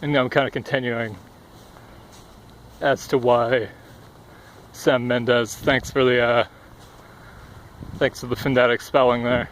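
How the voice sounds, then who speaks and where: A young man speaks slowly in a medium pitch with little pitch movement and long pauses, vlogging outside near a busy road. Out of breath, he rambles casually, swearing and using lots of fillers. The headphone cord mic picks up faint traffic from cars passing by.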